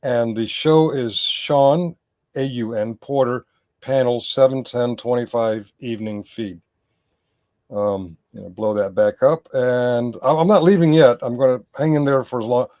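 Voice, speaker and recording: A man's voice: mid-range voice, measured pace, darkish tone. A man commenting on a livestream in a casual, rambling way, often stopping to correct himself and address his chat.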